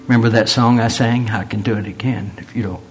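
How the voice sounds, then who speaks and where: A man's voice: lowish voice, steady tone, fast, faint music behind. A man preaching a sermon in an earnest way, repeating phrases for emphasis and dropping in humorous asides.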